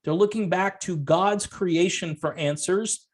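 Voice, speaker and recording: A man's voice: high voice, unhurried. Sarcastic man ranting to camera. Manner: sarcastic, full of rhetorical questions. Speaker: music commentary vlogger. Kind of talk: opinion rant monologue.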